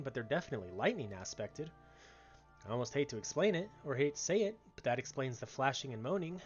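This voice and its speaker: A man's voice: mid-range voice, close to an everyday voice. A man voicing a male villager quest-giver from a fantasy game, reading the lines with old-fashioned speech. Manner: reads game dialogue aloud with old-fashioned turns of speech. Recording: slightly dull lo-fi stream audio.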